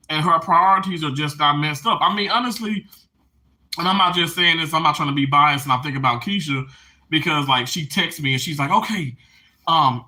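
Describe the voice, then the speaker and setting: A man live streaming casually to his chat, emotional and animated, laughing and tearing up as he talks. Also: a little high.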